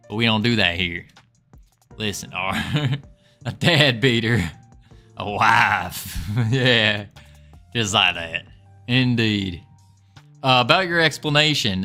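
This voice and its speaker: Man, put-on southern drawl, folksy joking streamer, bright tense tone, faint music behind. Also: lowish voice. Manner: folksy, joking, laughs often, answers chat. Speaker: livestreaming game developer. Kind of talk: casual livestream chat with viewers.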